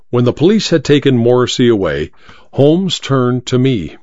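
A man reading a detective story aloud as its narrator, with even, expressive storytelling. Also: mid-range voice, normal speed, no echo. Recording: dry, slightly dull recording.

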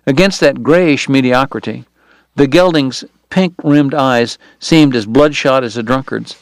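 A man doing scripted audiobook narration in a measured, even storytelling way on a close microphone. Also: mid-range voice, dry recording.

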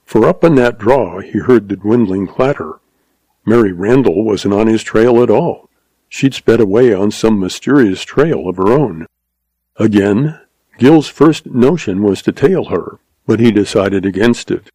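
A man narrating a western audiobook in a steady storytelling voice. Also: fairly low pitch, unhurried, husky, no room sound, low-quality recording.

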